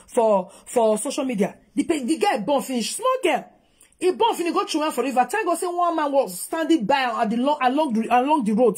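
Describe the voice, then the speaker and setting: A woman's voice: high-pitched, darkish tone, husky. A woman from Nigeria with a Nigerian Pidgin accent, giving emphatic, scolding reaction commentary on a video. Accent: Nigerian Pidgin English. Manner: scolding, emphatic, switching between English and Pidgin. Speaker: vlogger.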